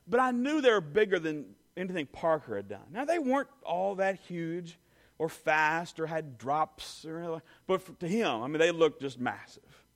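A man telling an animated personal story to an audience, full of "you know" and "I mean". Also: on the high side, moderate pace.

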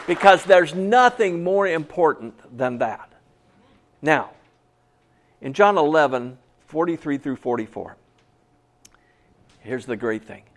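A man preaching a sermon as pastor in a church, animated and joking with his congregation between scripture readings. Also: a little high, slow, long pauses. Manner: lively preaching with jokes aside to the congregation.

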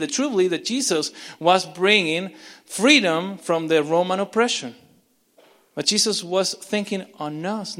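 A man preaching a sermon as pastor, impassioned, with frequent repeats and restarts, swinging between urgent loud lines and hushed ones. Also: fairly high pitch. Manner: repeats words and restarts mid-phrase. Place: church sanctuary. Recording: long reverb of a large church.

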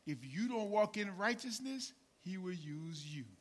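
This stretch of the sermon is expressive and unhurried. The pastor chats with his audience, leaning on "man" and "right?" while swinging from soft asides to loud emphasis.

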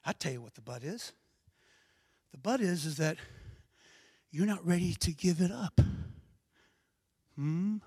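Husky animated male preacher. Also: high voice, unhurried, pauses often, dry recording. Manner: animated, conversational preaching with frequent "all right?" asides. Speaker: pastor. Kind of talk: sermon.

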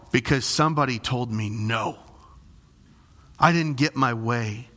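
A middle-aged man preaching a sermon as pastor, animated and dramatic, with big swings in his delivery. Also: high-pitched.

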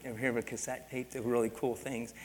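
Middle-aged guy pastor preaching, storytelling, gets loud and shouty, long church reverb. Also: mid-range voice, quick pace. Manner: animated storytelling, bursts into shouting. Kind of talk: sermon. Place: church sanctuary.

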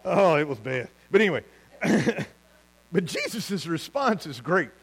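A man preaching a sermon as pastor, telling stories with lively asides and laughing at his own jokes. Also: on the high side, slow pace, gravelly, low-quality recording.

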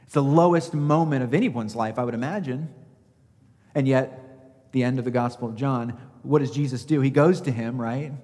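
A man's voice: mid-range voice, normal speed, a little mellow, long reverb tail. A man preaching a sermon as pastor, emphatic, asking his listeners rhetorical questions and acting out scripture quotes.

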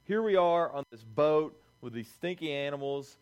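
A young man preaching a lively, conversational sermon to a youth group, acting out quoted voices as he goes. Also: fairly high pitch, normal speed, clean tone, muffled recording. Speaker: youth pastor.

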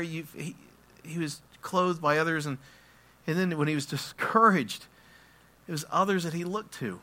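A man preaching a sermon, moving between quiet explanation and loud, impassioned passages where he acts out prayers. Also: a little high, moderate pace. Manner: acts out prayers and quotes in his own voice. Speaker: pastor.

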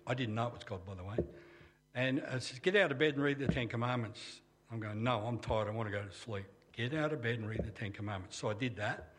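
An older man with an Australian accent telling his personal faith story in a plain-spoken, conversational way with dry humor. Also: mid-range voice. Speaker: testimony speaker.

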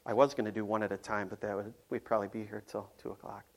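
A man's voice: fairly low pitch, little pitch movement, fast talker, vocal fry. A man preaching a casual, conversational sermon, playful and full of ums and restarts. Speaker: pastor.

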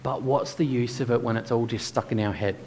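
A man's voice: mid-range voice, fairly even intonation, a little fast, darkish tone, in a large hall, a little hiss or hum. A man preaching a sermon in a church, earnest and emphatic, firing off rhetorical questions.

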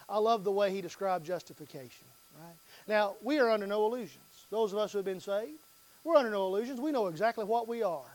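High-voiced preacher with booming surges. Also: male voice, dry recording. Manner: preaching with sudden loud, high-pitched surges and drawn-out phrases. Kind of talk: revival sermon.

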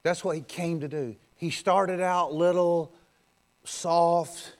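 A man pastor preaching a sermon, swinging from loud, forceful declarations down to a soft, intimate appeal. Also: fairly high pitch, steady tone, slow. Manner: preaches with loud swells, then drops to soft, close talk.

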